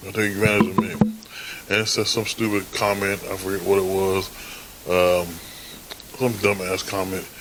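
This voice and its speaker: Dude ranting on his podcast, swears a lot, kinda low voice. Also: completely flat delivery, normal speed, long pauses, background noise. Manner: rambling, profane and blunt. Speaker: podcast host. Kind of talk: casual monologue.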